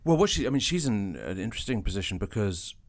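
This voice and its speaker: A man with a very low voice talks fast and loosely, his Scottish accent drifting toward southern English. He chats as a podcast guest, stumbling and restarting as he goes. The tone is relaxed and conversational. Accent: Scottish-tinged English, shifting. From Scotland. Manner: quick, chatty, with many restarts. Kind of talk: casual conversation.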